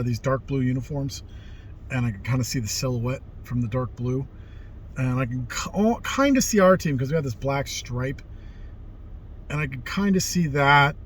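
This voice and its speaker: A middle-aged man casually telling rambling stories from his youth, livening up when he quotes people. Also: mid-range voice. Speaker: vlogger telling life stories. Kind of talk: casual storytelling.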